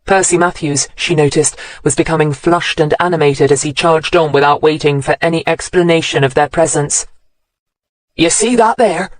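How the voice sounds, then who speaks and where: An audiobook narrator reading a mystery novel in a measured, even storytelling manner. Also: mid-range voice, no echo, rough recording. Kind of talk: scripted narration.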